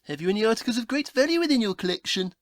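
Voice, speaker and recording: A woman's voice: fairly high pitch, very animated, very fast, no room sound. A woman voicing a prim, haughty male detective in a comedy audio play, with a formal, fussy, scolding manner.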